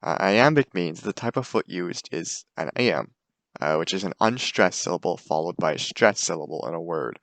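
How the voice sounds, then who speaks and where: A man's voice: deep voice, expressive, moderate pace, gravelly, a bit bright, no echo. A young man giving a casual, hesitant class presentation full of fillers. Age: young adult. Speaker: student presenter.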